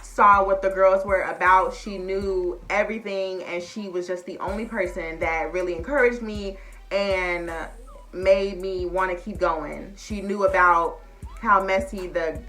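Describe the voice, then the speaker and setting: Young woman vlogger, chatty and open about feelings, mid pitch, faint music under her. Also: steady tone, measured pace, fairly bright tone. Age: young adult. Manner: chatty, emotional, addresses viewers as y'all. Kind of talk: casual chat to camera.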